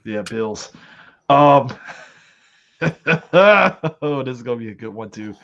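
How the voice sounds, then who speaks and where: A man's voice: medium pitch, expressive, slow pace, gravelly, fairly bright tone. A man co-hosting a casual football podcast, laughing often and listing his picks with lots of ums. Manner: laughs often, hesitant fillers. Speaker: podcast co-host. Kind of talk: casual sports chat. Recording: dull lo-fi mic.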